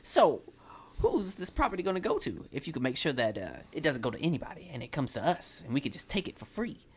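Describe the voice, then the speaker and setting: A man's voice: a little high, sing-song, fast talker, breathy edge, pitched above the performer's own voice. A man voicing a wheedling male thug who corners someone and makes veiled threats. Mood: scheming. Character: menacing male thug enforcer.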